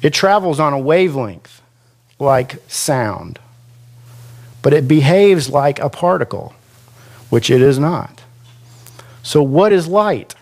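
A man preaching a sermon as pastor in a church classroom, chatty and self-deprecating, slowing down to stretch out quoted scripture for emphasis. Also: fairly high pitch, sing-song, darkish tone. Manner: slow, conversational preaching with self-deprecating asides.

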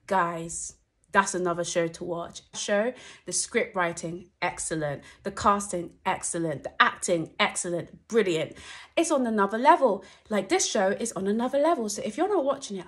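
A young woman gushing through a trailer reaction, talking animatedly and breaking into squeals and shouts. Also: mid-range voice. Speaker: YouTube reaction vlogger. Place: at home at night.

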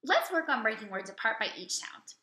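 Woman teacher, bright voice, slow and clear, first grade reading lesson, echoey room. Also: a little high, big pitch swings. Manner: slow, clear, drawn-out reading with echo questions. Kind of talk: recorded reading and phonics lesson.

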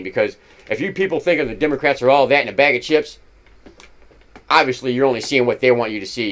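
A man delivering an angry, profane political rant straight to the camera, hectoring his listeners. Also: medium pitch. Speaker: vlogger.

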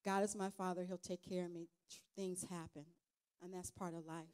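A woman speaking as a guest at a church event, giving an informal testimony sermon in an earnest, halting, conversational way with many restarts. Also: on the low side, little pitch movement, a little mellow, clear, resonant tone.

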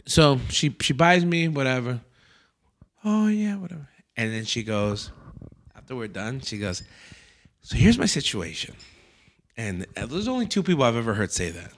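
A man's voice: mid-range voice, normal speed, slight background noise. A man hosting a comedy podcast, telling a story in a casual, profane way and acting out other people's quotes as he goes. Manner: profane, animated anecdote-telling with acted-out quotes. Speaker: comedian host.

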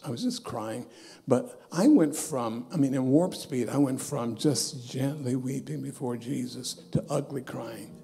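A man preaching a sermon in a church as a bishop, telling a personal story and swinging from loud bursts down to soft, hushed asides. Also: medium pitch, creaky. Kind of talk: sermon testimony. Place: church sanctuary.

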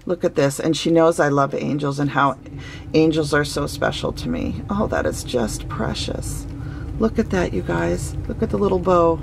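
A woman's voice: sits low, animated, moderate pace, creaky, noisy background. A woman opening handmade gifts on her craft vlog, gushing and sentimental, with many fillers. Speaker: craft vlogger. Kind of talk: casual gift-opening vlog.

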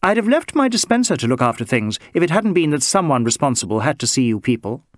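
A man playing a cool, brisk Englishwoman doctor with a crisp English accent and a curt, sardonic manner. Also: extremely low pitch, very animated, no room sound, studio quality.

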